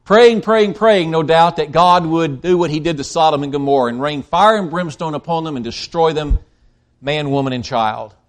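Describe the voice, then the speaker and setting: A man preaching a sermon, emphatic and swinging between loud stresses and quiet drops, with frequent restarts. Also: fairly high pitch, normal speed. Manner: emphatic, rising and dropping in volume, with restarts.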